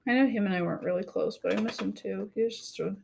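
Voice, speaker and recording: A woman's voice: medium pitch, fast, vocal fry, warm tone, slight background noise. Twenties woman on a podcast, blunt chatty, swears a bunch. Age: 20s. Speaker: podcast co-host. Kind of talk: casual chat.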